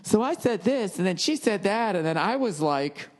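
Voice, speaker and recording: A man's voice: high-pitched, sing-song, moderate pace, pitched above the performer's own voice. A man putting on a sarcastic, fawning woman's voice, sing-song and exaggerated. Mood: sarcastic gushing.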